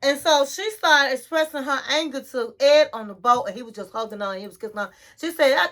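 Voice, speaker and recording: A woman giving a gossipy, animated recap of a reality TV episode. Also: high voice, a little fast, hardly any pauses. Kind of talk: casual recap commentary.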